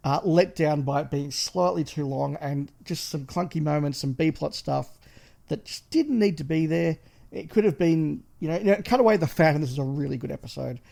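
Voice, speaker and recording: Aussie podcast cohost, kinda gravelly, higher pitched, lays out his points. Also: moderate pace, darkish tone. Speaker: podcast co-host. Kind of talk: casual podcast chat.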